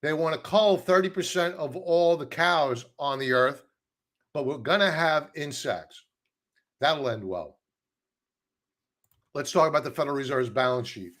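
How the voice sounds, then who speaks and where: A man's voice: fairly high pitch, moderate pace, a bit bright. Man, live-stream host, casual market commentary, sarcastic asides. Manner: chatty and sarcastic, with frequent asides and apologies.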